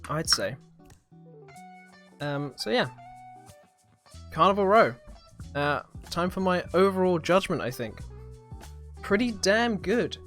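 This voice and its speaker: A man's voice: sits high, sing-song, slow, pauses often, fairly bright tone, soft background music. A young British man hosting a live-streamed podcast, chatting casually and rambling through a review with lots of fillers and hesitations. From Britain. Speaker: podcast host reviewing a series.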